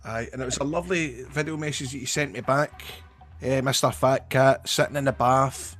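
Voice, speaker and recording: A man's voice: medium pitch, steady tone, normal speed, fairly bright tone, faint music behind. A Scottish man hosting a football podcast, joking and teasing his guest in casual chat. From Scotland. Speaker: podcast host.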